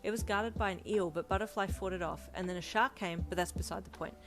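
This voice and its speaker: A playful, cheeky teenage girl, voiced by a woman reader in a fan fiction audio story. She is reassuring and upbeat, with a lowish voice for a woman. Faint instrumental music plays under her. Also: quick pace, fairly bright tone. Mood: eager.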